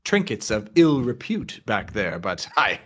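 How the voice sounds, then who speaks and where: A man's voice: on the low side, very animated, a little slow, a bit bright, full character voice. Man doing a stoned, leering noble gossip. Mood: gossipy. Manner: drawling, flirtatious, rambling. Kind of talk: tabletop character voice.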